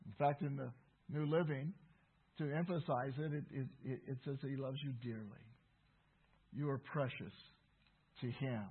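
High husky preacher man, tinny sound. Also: unhurried, pauses often. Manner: earnest, emphatic, repeats key phrases. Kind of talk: sermon.

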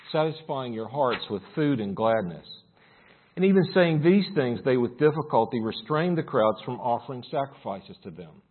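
A man's voice: medium pitch, slightly rough, narrow, tinny audio. A man preaching a sermon and reading scripture aloud, building force as he reads. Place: church service room.

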